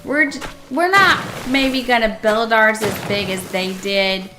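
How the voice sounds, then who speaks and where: A woman streaming herself playing a cozy game, chatting casually with viewers and gushing with excitement over what she builds. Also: fairly high pitch, measured pace, over music. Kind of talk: casual live-stream chat while playing.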